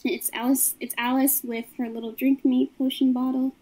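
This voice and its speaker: A woman's voice: high voice, little pitch movement, normal speed, mellow, breathy edge, poor audio. A woman casually showing her collection, describing each item in a matter-of-fact way. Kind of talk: casual show-and-tell of a collection.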